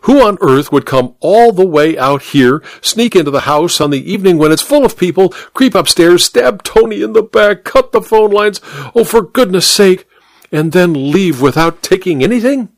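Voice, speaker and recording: A high, shrill duchess, frantic and exasperated, her voice leaping up and down as she speaks, put on by a man reading a storybook. The sound is close and dry. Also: animated, normal speed, dry recording. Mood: distraught. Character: distraught aristocratic duchess, woman, middle-aged.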